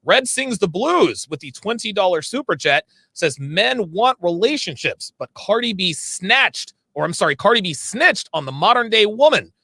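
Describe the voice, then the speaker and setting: A man with a lively, swinging voice and a gravelly edge hosts a livestream. He reads viewer messages aloud and answers them bluntly and with emphasis. The sound is close and dry. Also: sits high, normal speed, hardly any pauses, dry recording. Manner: emphatic, blunt, stops to fix his own words. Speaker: livestream host reading viewer chats. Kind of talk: casual livestream talk.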